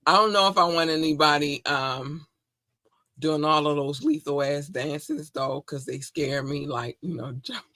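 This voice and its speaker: Bubbly bright-voiced woman podcaster. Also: deep voice, animated, a little slow, no echo. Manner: bubbly and effusive, shouting out listeners. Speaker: podcast co-host. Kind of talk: casual podcast chat.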